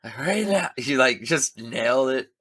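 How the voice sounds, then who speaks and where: A man's voice: medium pitch, lively intonation, normal speed, fairly bright tone, breathy edge, no room sound. A man in his thirties co-hosting a podcast, making dry, wry remarks in casual chat. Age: 30s. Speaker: podcast co-host.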